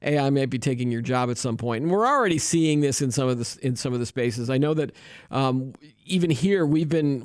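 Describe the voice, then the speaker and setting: A man with a smooth, resonant voice hosts a tech news show. He talks in a loose, joking way, restarting his sentences as he goes. The sound is close and dry, with no room echo. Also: mid-range voice. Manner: chatty and joking, with many restarts. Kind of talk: casual tech news chat.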